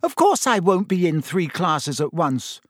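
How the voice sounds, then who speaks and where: A man voicing a clever, bossy teenage schoolgirl in an audiobook, talking briskly and impatiently. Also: sits high, sing-song, dry recording, studio quality, voice pushed up, full character voice. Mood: snappish.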